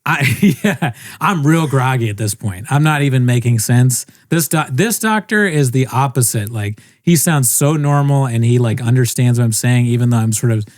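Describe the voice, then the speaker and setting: A man's voice: mid-range voice, moderate pace, hardly any pauses, no echo, clean studio sound. A young man co-hosting a podcast, telling a rambling story in casual chat and mimicking the people he talks about. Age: young adult. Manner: rambling, animated, mimics others' voices. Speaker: podcast co-host.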